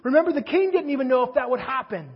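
A man's voice: extremely high pitch, big pitch swings, fast talker, slightly rough, highs cut off. A man preaching a sermon in a conversational way, asking his listeners rhetorical questions. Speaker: pastor.

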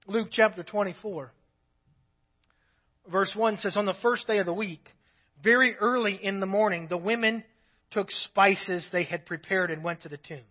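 High-voiced pastor reading scripture. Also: male voice, lo-fi sound. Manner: reads scripture aloud, breaking off for asides.

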